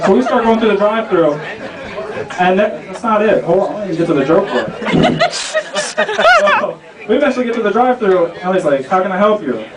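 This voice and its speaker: Young male comic, high lively voice. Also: moderate pace, long pauses, far from the mic, very noisy. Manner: loose, rambling delivery with deadpan punchlines. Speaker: stand-up comic. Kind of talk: stand-up set. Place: small restaurant lounge stage. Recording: roomy club sound, from off-mic, loud crowd. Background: audience laughter.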